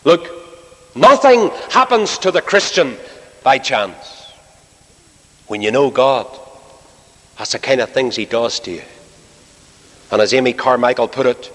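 A man preaching a sermon dramatically, acting out the voices of biblical figures and swinging from loud pleading to hushed, low tones. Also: animated, unhurried, pauses often. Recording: long hall reverb.

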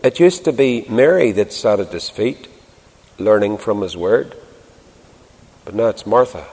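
A man preaching a sermon to a congregation, swinging between loud emphasis and hushed tenderness. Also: lowish voice, lively intonation, a little slow, breathy edge. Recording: long hall reverb.

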